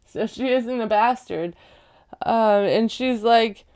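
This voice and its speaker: A woman recapping a reality show in casual chat, sarcastic and quick to laugh at her own jokes. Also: on the high side, darkish tone, clean tone. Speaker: recap vlogger.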